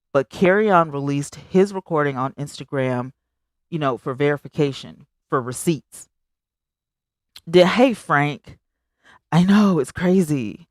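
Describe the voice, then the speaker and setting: In a studio-quality recording with no echo, a woman hosts a live stream, reading comments aloud and chatting casually with her viewers. She's emphatic and animated, going high on exclamations and speaking straight to the audience.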